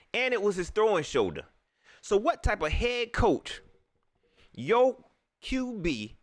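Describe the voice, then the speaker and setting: Animated man ranting about football. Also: high-pitched, no echo, studio quality. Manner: animated, repetitive, slangy ranting. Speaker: sports vlogger. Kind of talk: casual sports rant.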